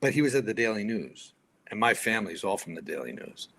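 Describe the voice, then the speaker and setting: Man in his fifties, retired firefighter, casual interview, lively storyteller, voices other people's lines. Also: lowish voice, a little fast, a little hiss or hum. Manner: animated anecdote-telling, acting out other people's lines. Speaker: retired firefighter, podcast guest.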